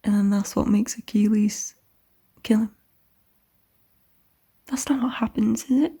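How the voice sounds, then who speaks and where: A woman's voice: medium pitch, steady tone, a little slow, creaky, pauses often, dark tone, breathy edge. A young woman casually recapping a novel for her reading vlog, chatty and swearing freely, often dropping into a whisper. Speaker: book vlogger.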